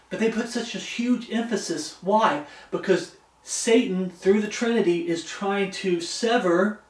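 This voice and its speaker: High-voiced preacher in an echoey room. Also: male voice, distant mic. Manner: reads scripture aloud, keeps checking in with "Okay?". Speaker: pastor. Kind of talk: expository Bible sermon.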